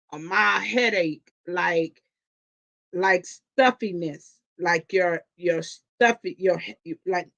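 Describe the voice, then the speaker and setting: A woman hosting a live stream from home, chatting casually with viewers in a chatty, animated way with lots of restarts. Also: mid-range voice. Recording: dull lo-fi stream audio.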